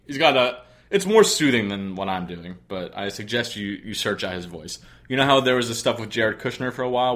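Low-voiced sarcastic male podcast host. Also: fairly bright tone. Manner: sarcastic, joking, rambling. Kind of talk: casual sports podcast chat.

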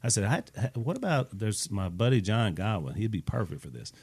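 A man's voice: on the low side, sing-song, a little fast, darkish tone, husky. A man co-hosting a podcast, a preacher telling a story in casual chat and acting out what other people said. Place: studio table.

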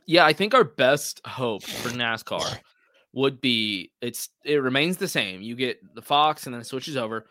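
A man co-hosting a relaxed podcast who chats on and on, full of likes and ums. His voice sits in a middle pitch range. The sound is dry and close to the mic. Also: unhurried, no echo. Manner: chatty, rambling, filler-heavy. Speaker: podcast co-host. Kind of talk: casual chat.

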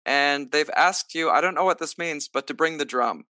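A man, a stage actor, telling a story in a casual interview, lively and acting out what others said, with lots of filler "like"s. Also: a little high, moderate pace, dry recording, clean studio sound. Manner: animated, acts out quoted lines; many filler likes. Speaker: musical theater actor, guest.

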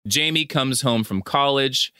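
A man's voice: mid-range voice, a little slow, pushed and bright, clear, resonant tone, no room sound, clean studio sound. A man co-hosting a podcast, recapping an old film in casual chat, swearing and acting out its lines. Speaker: podcast co-host.

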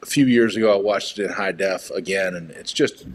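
A man co-hosting a casual movie chat, agreeable and quick to chime in with short affirmations. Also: deep voice. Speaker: podcast co-host.

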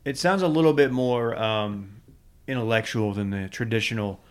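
A man's voice: medium pitch, normal speed, smooth. A man co-hosting a podcast in casual chat, joking and reading out a ranked list. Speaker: podcast co-host.

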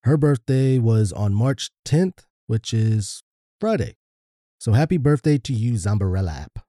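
A man's voice: medium pitch, animated, a little slow, warm tone, no echo, studio quality. A man co-hosting a casual podcast, laid-back, with wry asides. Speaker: podcast co-host.

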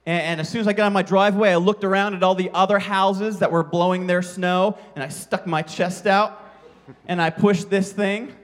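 Pastor, man, high tenor voice, animated self-mocking storyteller preaching a sermon. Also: normal speed.

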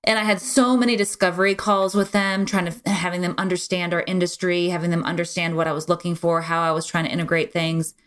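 Lowish-voiced woman on a podcast, middle-aged, talks fast and frank, lots of "like"s and "you know"s. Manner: frank, energetic, many fillers like "like" and "you know". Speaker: podcast guest, business owner. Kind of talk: casual conversational storytelling.

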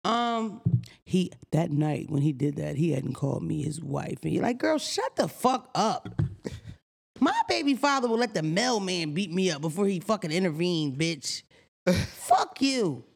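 A woman's voice: on the low side, very animated, moderate pace, creaky. A woman hosting a podcast, ranting brashly and comically with lots of swearing. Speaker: podcast host. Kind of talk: casual podcast chat.

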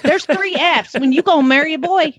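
Lady doing a southern grandma, old and bossy, calls you honey, kinda high, dull dry sound. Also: brisk, dry recording, natural voice. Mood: bossy, folksy. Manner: folksy, emphatic, calls listener honey and darling.

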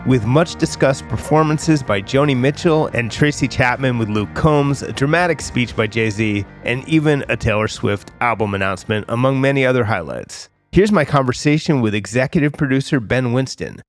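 Measured podcast host with soft music. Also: male voice, mid-range voice. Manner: clear, measured presenter delivery. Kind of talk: scripted intro, then interview questions.

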